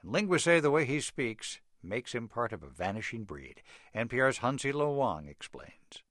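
A man's voice: medium pitch, big pitch swings, normal speed, fairly bright tone, no echo, clean studio sound. A male news anchor introducing a story in a polished way.

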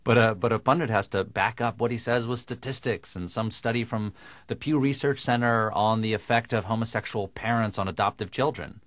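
A middle-aged man from the American South with no Southern accent, talking in a dry, deliberate way with crisp diction in an interview. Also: on the low side, fairly bright tone, no room sound. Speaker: comedian guest. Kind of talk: radio interview conversation.

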